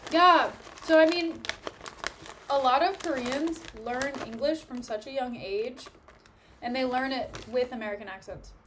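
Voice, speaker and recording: A woman's voice: high voice, measured pace, fairly bright tone, a little hiss or hum. Chatty young woman streaming at home. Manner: chatty, joking, snacking between remarks. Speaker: livestreamer. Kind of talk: casual live-stream chat with viewers. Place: at home, sitting on the floor.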